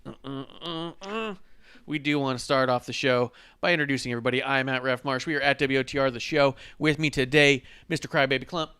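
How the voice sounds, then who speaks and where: A man's voice: mid-range voice, little pitch movement, fast talker, sharp tone, clean tone, dry recording. A young adult man from the United States hosting a casual wrestling podcast, joking loosely and drinking on air. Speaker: podcast host.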